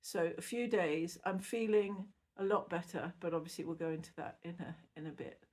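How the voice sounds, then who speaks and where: Middle-aged woman, vlogger post-surgery; casual, meandering, quick to laugh. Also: on the low side, steady tone, a little mellow. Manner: rambling, chatty, laughs often. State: recovering from surgery. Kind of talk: casual recovery vlog.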